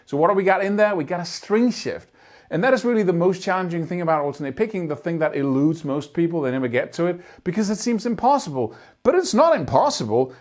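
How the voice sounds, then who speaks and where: A man with a slightly high voice teaches guitar in an earnest, emphatic way. He keeps stressing key points and sometimes sounds out picking rhythms with syllables. A faint guitar can be heard behind him. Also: darkish tone. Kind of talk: instructional talk to camera.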